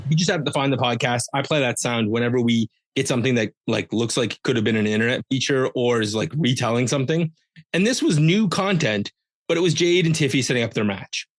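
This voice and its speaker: A man's voice: mid-range voice, quick pace, no room sound. Man, podcast host, casual rambling recap, jokey asides, dry close sound.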